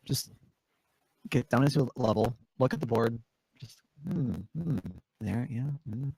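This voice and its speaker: A man with a gravelly voice playing a tabletop game, talking in a hesitant, stammering way. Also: medium pitch, measured pace, a little mellow, dry recording, poor audio. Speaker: player. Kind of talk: casual game table talk.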